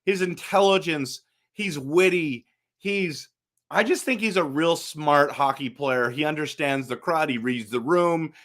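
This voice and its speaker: Animated, chatty middle-aged man. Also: on the high side, a little slow. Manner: animated, chatty, addresses viewers directly; frequent repetitions and restarts. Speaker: hockey fan channel host. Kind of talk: casual fan commentary vlog.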